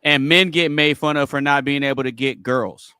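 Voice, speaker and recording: A man's voice: medium pitch, fairly even intonation, normal speed, sharp tone, clear, resonant tone, no echo, clean studio sound. A man on a casual podcast panel who argues bluntly and repeats his point again and again.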